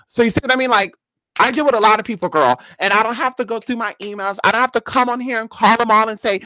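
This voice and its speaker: A woman's voice: on the high side, lively intonation, quick pace, a bit bright, no room sound. A woman who does paid spiritual casework, chatting bluntly and sassily with viewers on a live stream and calling them honey.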